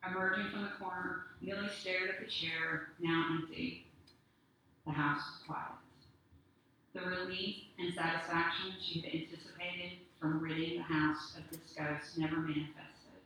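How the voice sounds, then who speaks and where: A storyteller narrating a story in a steady, measured way. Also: mid-range voice. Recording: echoey room, distant mic, faint noise.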